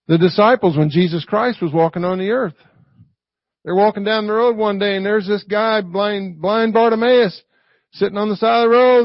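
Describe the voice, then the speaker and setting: A man's voice: high-pitched, steady tone, normal speed, no room sound, muffled recording. A man preaching a conversational sermon in a folksy way, often checking in with a rhetorical "right?". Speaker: pastor.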